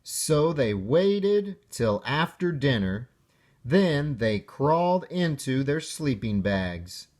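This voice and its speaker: A man reading a children's picture book aloud with expressive delivery and playful sound words. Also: mid-range voice, takes it slowly. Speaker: narrator.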